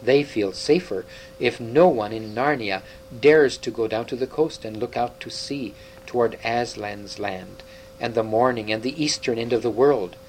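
A wise, sorrowful old half-dwarf scholar speaks with grave tenderness, as a male reader puts him on. His voice sits at an ordinary pitch. A faint hum runs behind him. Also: normal speed, a little mellow, natural voice, poor audio. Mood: earnest.

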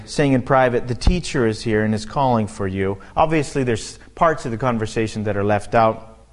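Working through a scripture passage verse by verse, a man reads each one aloud and then discusses it in a loose, conversational style, thinking aloud as he goes. His voice is mid-pitched.

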